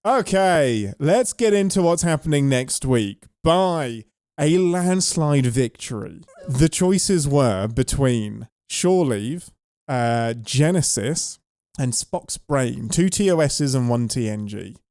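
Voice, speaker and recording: An enthusiastic man co-hosts a casual podcast chat. His voice is mellow and relaxed, and it is recorded close and dry. He laughs easily and speaks with ready eagerness. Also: medium pitch, takes it slowly, no echo. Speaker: podcast co-host.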